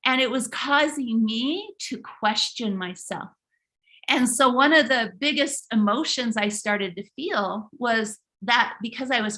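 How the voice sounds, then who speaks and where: Middle-aged woman, live webinar host, animated storytelling, high pitch, bright tone. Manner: animated, speaks directly to the audience, frequent restarts. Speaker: host of a live online workshop.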